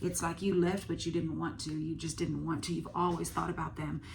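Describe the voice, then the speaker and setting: A woman with a drawl talks through a tarot reading in a low, flat voice. She thinks aloud, full of "um" and "uh", and swears now and then. There is steady noise under the recording. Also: a little fast, creaky. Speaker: tarot reader.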